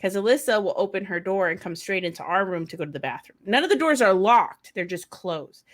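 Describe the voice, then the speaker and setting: A woman's voice: mid-range voice, expressive, a little fast. A middle-aged woman and mother co-hosting a casual chat, blunt, swearing freely and laughing often. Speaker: podcast co-host, mother.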